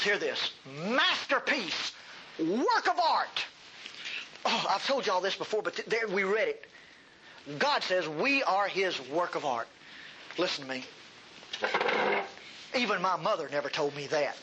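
A man's voice: high-pitched, expressive, normal speed, long pauses, sharp tone, slight background noise, rough recording. A male pastor preaching a sermon in a folksy, humorous and emphatic way.

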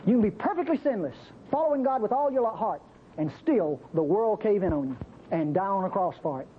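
Animated male preacher, muffled old tape. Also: brisk. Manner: animated, acts out biblical speakers with pitch jumps. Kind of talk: sermon. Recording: muffled, faintly noisy old recording.

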